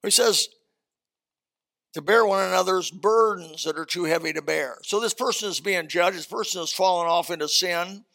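A man preaching in church with a gravelly, bright, fairly high voice. He talks in a folksy, animated way, with loud emphasis and quiet asides. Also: normal speed. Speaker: pastor. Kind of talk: sermon.

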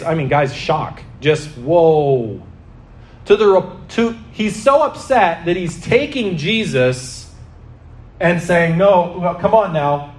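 Reverb surrounds the high voice of a man preaching with strong emphasis. His sermon is built on repeated rhetorical questions aimed at the congregation.

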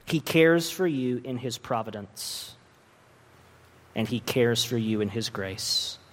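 A man's voice: medium pitch, animated, takes it slowly, fairly bright tone. A man preaching a sermon earnestly, with emphatic rises in his voice. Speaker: pastor. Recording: long reverb of a large hall.

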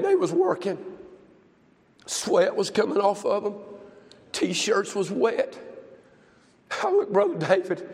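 Preacher man, older, high voice, folksy and fired up, church reverb. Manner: folksy, impassioned, building to shouts. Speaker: pastor. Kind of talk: sermon. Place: church service.

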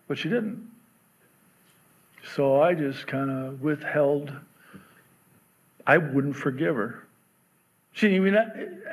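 A man's voice: fairly high pitch, a bit bright. A middle-aged man preaching a sermon as pastor, conversational and joking, acting out the voices in his stories. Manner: conversational and joking, acts out quotes.

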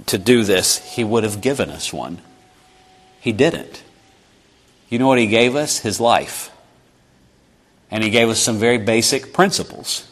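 A man's voice: mid-range voice, fairly bright tone. A man preaching a sermon in an earnest, conversational way, sometimes acting out short exchanges.

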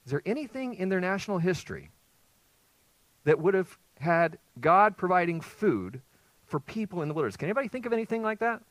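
A man preaching a sermon to a congregation in a lively, conversational way, asking rhetorical questions. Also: high-pitched, fairly quick, no echo, low-quality recording. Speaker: pastor. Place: church sanctuary with congregation.

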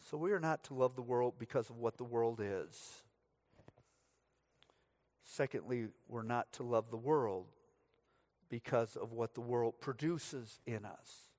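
A man's voice: mid-range voice, unhurried, pauses often, a little mellow. A middle-aged man from the United States, preaching a sermon as pastor, telling stories with dry humor.

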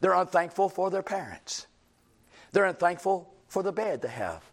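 Guy preaching in church, real high voice, repeats himself for emphasis. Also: sing-song, normal speed, creaky. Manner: repetitive, emphatic preaching cadence. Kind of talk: sermon.

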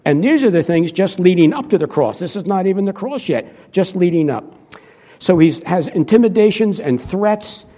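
A man's voice: high-pitched, expressive, normal speed, mellow, in a large hall. A male preacher giving a conversational sermon, asking his listeners questions as he goes.

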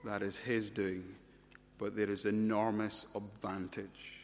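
A man's voice: fairly low pitch, little pitch movement, unhurried. A man preaching an expository sermon, leaning on rhetorical questions and emphatic repetition. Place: church. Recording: reverberant church hall.

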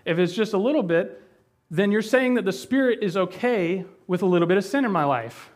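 A man's voice: high voice, animated, brisk. A man pastor teaching Bible doctrine in a conversational way, with many fillers and restarts as he explains.

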